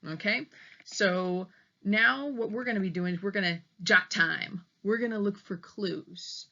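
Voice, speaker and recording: A woman's voice: medium pitch, a little slow, pushed and bright. A woman teacher reading a story aloud to children, explaining patiently and checking in with "okay?" after each point. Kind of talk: read-aloud lesson for kids. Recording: slightly muffled audio.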